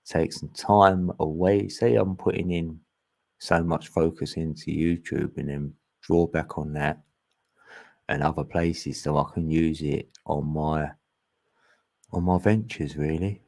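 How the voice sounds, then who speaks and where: A man's voice: a bass voice, fairly even intonation, unhurried, creaky, a little mellow. A man, chatting casually as a channel host, laid-back and laughing often. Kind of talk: casual chat.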